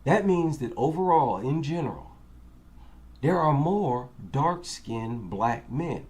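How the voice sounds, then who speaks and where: A man's voice: a little high, expressive, slow, a little mellow. A man with an African American accent giving reaction commentary, incredulous and asking rhetorical questions.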